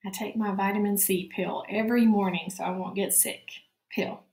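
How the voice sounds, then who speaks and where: A woman teacher giving a spelling lesson to young children, dictating slowly and clearly and repeating each word. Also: medium pitch, steady tone, darkish tone, roomy sound.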